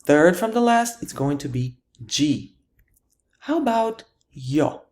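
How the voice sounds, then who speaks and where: A woman's voice: fairly low pitch, big pitch swings, measured pace, darkish tone. A woman teaching a grammar lesson, patiently explaining rules and answering her own questions. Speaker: Italian teacher.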